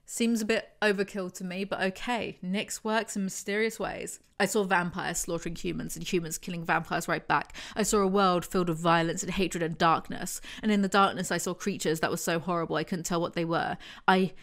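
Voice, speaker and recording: A woman's voice: lowish voice, fairly even intonation, a little fast, hardly any pauses, a bit bright. A young woman from England with an English accent, giving sarcastic commentary while reviewing a book. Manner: sardonic, exasperated asides.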